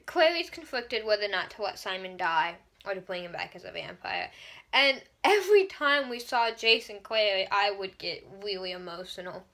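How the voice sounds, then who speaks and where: A young woman gives a casual fan review of a TV episode, gushing and rambling with quick asides. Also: medium pitch, lively intonation, vocal fry, bright, forceful tone.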